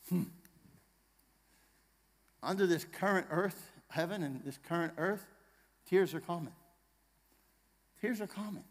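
A man preaches in a church with a slightly high voice, dropping to near-hushed tenderness before building to loud, emphatic calls. He jokes with his congregation and asks them questions. His words ring out with a long reverb across the sanctuary. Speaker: pastor. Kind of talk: sermon.

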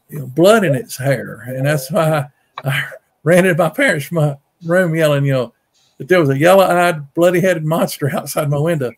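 A middle-aged man from Mississippi with a drawl tells a long story in a casual, rambling way. His voice sits a little high for a man, and he doubles back on his words. He jumps higher when he acts out other people's lines. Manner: folksy, repeats words, acts out quotes in a raised voice. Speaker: guest storyteller, Bigfoot researcher. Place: home on a rural farm.

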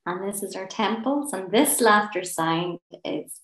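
A woman guides a gentle laughter exercise class, her tone playful and encouraging, with frequent giggles. She talks slowly in a mid-pitched voice. The room around her rings with a noticeable echo. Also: animated. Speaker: laughter and relaxation session leader.

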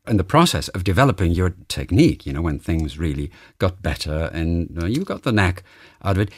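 A man hosting a radio interview, summarizing in German and asking questions in English with lively banter. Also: on the low side, no room sound, studio quality. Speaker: radio host. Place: radio studio.

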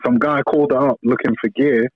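A man's voice: mid-range voice, fairly even intonation, fairly quick, no room sound. A young male caller, rambling in laid-back slang about his dating troubles. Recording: tinny phone line.

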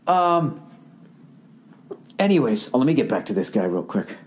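A man's voice: mid-range voice, very animated, normal speed, a little hiss or hum. A middle-aged man, telling a rambling, profane comedic story as a podcast host. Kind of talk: casual comedic monologue.

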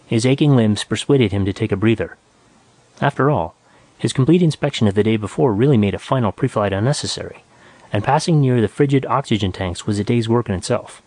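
A man narrating a science fiction story in a measured, even reading. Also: lowish voice, no room sound. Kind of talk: scripted audiobook narration.

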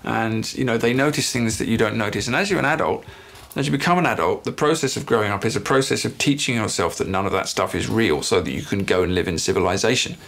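A middle-aged man with an English accent, thinking aloud in a documentary interview. His voice sits low, with a gravelly fry. He circles back and restarts phrases as he searches for the right words. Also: fast talker, hardly any pauses, fairly bright tone. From England. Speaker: writer and father interviewed in a documentary.

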